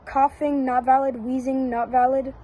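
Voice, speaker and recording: A woman giving casual one-word verdicts down a long list, flat and repetitive with brief hesitations. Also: high voice, normal speed, poor audio. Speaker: YouTuber.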